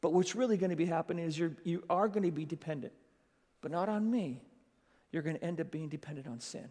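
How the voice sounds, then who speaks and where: Animated man preaching in a chapel. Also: on the high side, fast talker. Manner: animated, acts out quoted voices, addresses listeners as "you guys". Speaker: chapel speaker. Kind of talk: school chapel sermon. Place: school chapel. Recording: long hall reverb.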